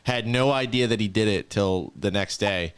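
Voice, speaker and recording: A man on a podcast telling a story in a hesitant, low-key way. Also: normal speed, clear, resonant tone. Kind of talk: casual podcast chat.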